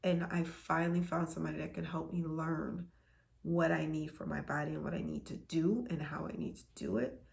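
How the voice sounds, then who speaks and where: An earnest woman talks straight to her viewers in a casual vlog, her low voice gravelly with fry. She repeats phrases for emphasis and often sinks to a soft near whisper. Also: level tone, fairly quick. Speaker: vlogger sharing a health journey.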